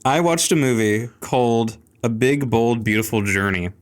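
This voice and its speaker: A man's voice: mid-range voice, animated, normal speed. A man hosting a casual podcast, bluntly ranting about a film with profanity and mocking impressions. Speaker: podcast host.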